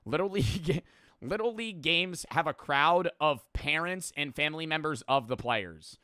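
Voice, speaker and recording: A man's voice: on the high side, expressive, moderate pace, bright, forceful tone, dry recording, studio quality. A man streaming and reacting to a video in casual, profane, rambling talk with lots of fillers.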